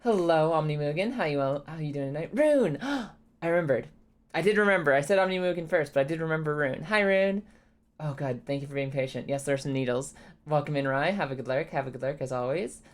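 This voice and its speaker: A young woman streamer chatting casually and congested, rambling, swearing freely and breaking into high laughs. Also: brisk. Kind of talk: casual live-stream chat.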